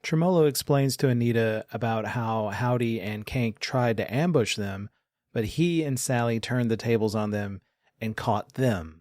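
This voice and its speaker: A man narrating a tabletop game as game master, describing scenes in an unhurried way. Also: mid-range voice, a little mellow, no room sound, studio quality.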